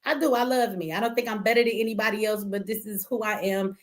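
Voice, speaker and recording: A woman's voice: medium pitch, fairly even intonation, fast. A middle-aged woman, hosting a livestream and talking bluntly, profanely and with heat to her viewers. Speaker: livestream host. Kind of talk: emotional livestream rant.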